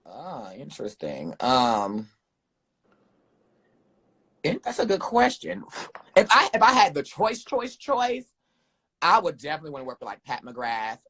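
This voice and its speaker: A young man, a drag performer guest in a casual live chat, animated and sassy, calling people "girl" and "honey". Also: on the high side, unhurried, long pauses, breathy edge.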